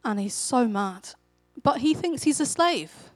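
Speaking unhurriedly, a woman with a fairly high voice gives a sermon in an easygoing style, as though telling a story to a friend. Her expressive voice rises with energy whenever she plays out a character's words. The audio sounds close and dry.

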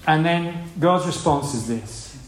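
A man's voice: on the high side, slow pace, slight background noise. A man preaching a sermon in a conversational way, asking rhetorical questions and acting out voices. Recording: echoey room with faint ambience.

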